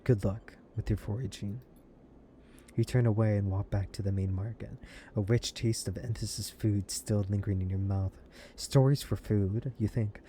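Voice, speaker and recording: Excitable man reading a narrative game aloud. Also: on the low side, moderate pace, slight background noise. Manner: excitable, laughs often. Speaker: let's play gamer.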